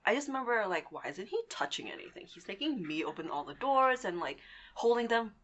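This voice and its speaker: A woman's voice: on the high side, brisk, highs cut off. Young woman telling a story animatedly. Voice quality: lively, animated retelling with swearing and laughs. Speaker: podcast guest. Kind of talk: casual storytelling.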